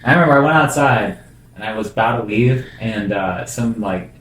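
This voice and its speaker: A man's voice: lowish voice, moderate pace, reverberant. A man in his twenties chatting casually and telling comedy stories, laughing often and acting out what others said. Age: 20s. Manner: animated storyteller, laughs often. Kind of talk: casual chat, storytelling.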